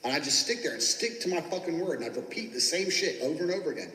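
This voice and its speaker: Brash fast-talking man in echoey room. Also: fairly high pitch, lively intonation, bright, forceful tone, a little hiss or hum. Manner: brash, boastful, swears constantly. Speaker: business coach teaching sales. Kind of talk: profane motivational monologue. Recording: echoey room with long reverb.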